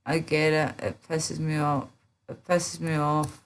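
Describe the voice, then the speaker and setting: A woman's voice: deep voice, monotone, unhurried. A woman livestreaming in casual chat, drowsy and rambling, with many fillers and trailing off. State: drowsy, slurred.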